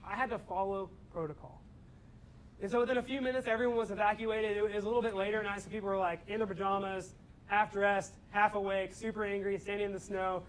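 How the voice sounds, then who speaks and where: Animated young man telling a story to students. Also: high voice, quick pace, a little hiss or hum, low-quality recording. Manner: animated storyteller, acts out his own shouting. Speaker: campus ministry speaker. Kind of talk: storytelling talk to a student audience.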